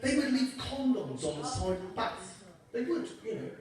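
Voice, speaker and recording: A man's voice: sits high, sing-song, normal speed, a little mellow. A young man doing a stand-up comedy set, cheeky and sweary while he works the crowd. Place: comedy club stage with audience. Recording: echoey club from a distance.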